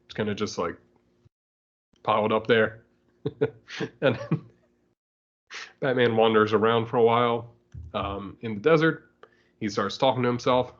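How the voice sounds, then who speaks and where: A man's voice: lowish voice, unhurried, long pauses. A man hosting a podcast, casually recapping a comic book with frequent laughter, recorded with slightly muffled sound. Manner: laughs often, rambling recap. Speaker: podcast host.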